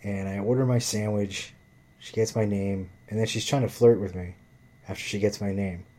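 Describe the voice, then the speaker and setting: A man's voice: fairly low pitch, steady tone, moderate pace, dark tone. A man telling a rambling, profanity-laden story in casual chat, heavy with fillers.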